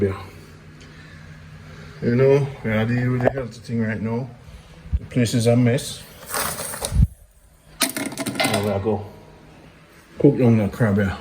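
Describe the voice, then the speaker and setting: A man with a Jamaican accent, hosting a casual vlog and chatting to himself as he works around his yard and kitchen. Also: fairly low pitch. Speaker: vlog host. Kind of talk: casual outdoor vlog talk. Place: backyard and home kitchen. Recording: noisy outdoor background.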